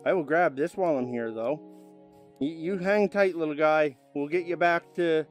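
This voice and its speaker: A gaming video host with a fairly high voice chats about his gameplay at a normal pace, animated and occasionally bursting into loud exclamations. He coaxes animals and his dog while soft music plays in the background.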